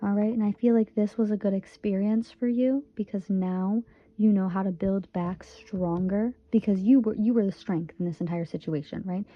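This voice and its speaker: A woman's voice: medium pitch, steady tone, moderate pace, muffled recording. Earnest young woman giving a tarot reading. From Michigan, USA. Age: 20s. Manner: earnest, reassuring, repeats phrases for emphasis. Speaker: tarot reader.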